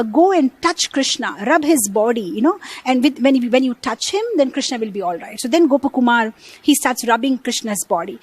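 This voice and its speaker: A woman's voice: sits high, a little mellow, dry recording, low-quality recording. A woman telling a devotional story in a hesitant way, with many fillers and restarts.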